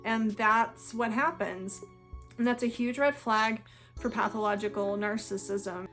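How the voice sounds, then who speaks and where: A woman's voice: medium pitch, fairly even intonation, measured pace, a bit bright, faint music behind. Earnest woman explaining to camera. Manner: earnest, emphatic, repeats phrases. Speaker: video host.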